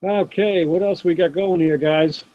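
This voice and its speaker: A man's voice: high-pitched, fairly even intonation, unhurried, dry recording. A middle-aged man, casually chatting on a live stream from his home desk and answering viewers by name, recorded on a laptop mic. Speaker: host of a live sports card stream. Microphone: laptop built-in camera mic. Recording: dull, dry laptop audio.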